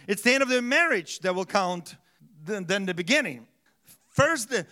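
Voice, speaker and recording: A man's voice: sits high, pushed and bright. A man preaching a sermon as pastor, in a conversational way that keeps asking the congregation questions.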